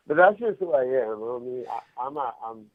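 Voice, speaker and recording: A man calling in from a prison cell, chatting in an animated, slangy way with frequent laughs. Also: medium pitch. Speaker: incarcerated caller. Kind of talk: casual phone chat. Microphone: phone handset. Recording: tinny prison phone line.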